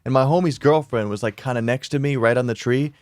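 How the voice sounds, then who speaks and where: A young man telling a story casually to camera, animated and swearing, acting out what people said. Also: medium pitch, fast, dry recording, studio quality. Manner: animated, swears a lot, acts out quotes. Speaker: YouTuber. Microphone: studio mic on an arm.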